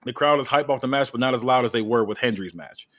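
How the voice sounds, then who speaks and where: A man's voice: medium pitch, quick pace, a bit bright. A man hosting a podcast, casually reading out a wrestling story with many fillers. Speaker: podcast host.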